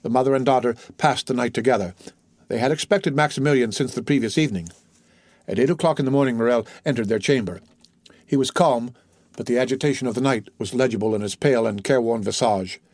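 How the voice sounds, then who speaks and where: Brief: male audiobook narrator, measured delivery, dry close recording. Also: mid-range voice, a little mellow, no room sound. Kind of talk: scripted narration of a classic novel.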